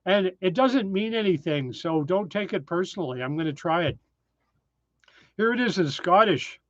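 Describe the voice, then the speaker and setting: A man's voice: high voice, expressive, moderate pace, a bit bright, dry recording, dull audio. Chatty man hosting a live stream. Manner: chatty, reads viewer names, frequent ums. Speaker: live-stream host reading chat. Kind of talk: casual live-stream chat. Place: tiny desert cabin, indoors.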